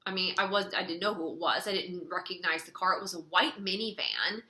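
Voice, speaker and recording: A woman's voice: lowish voice, fairly quick, pushed and bright. A young woman vlogger telling a personal story to camera, acting out her family's lines along the way. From California. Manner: acts out quoted family members while retelling. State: tearful at times.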